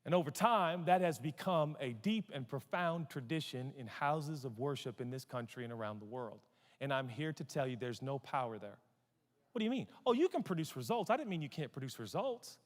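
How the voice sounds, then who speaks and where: A male pastor preaching a sermon, swinging between loud emphatic proclamations and quiet humorous asides to the congregation. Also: mid-range voice, lively intonation, normal speed, in a large hall.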